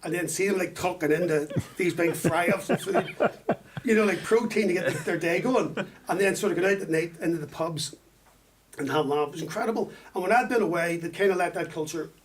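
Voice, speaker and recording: An Irish man on a podcast, telling animated work stories in casual chat, swearing freely. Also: sits high, fairly quick, far from the mic, a little hiss or hum. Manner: animated, swearing, laughing storyteller.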